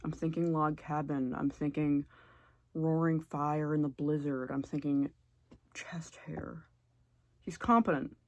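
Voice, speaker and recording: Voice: medium pitch, flat delivery, normal speed, no room sound. A young adult YouTuber giving blunt, sarcastic, casual comedic commentary and swearing freely. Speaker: YouTuber ranking game characters.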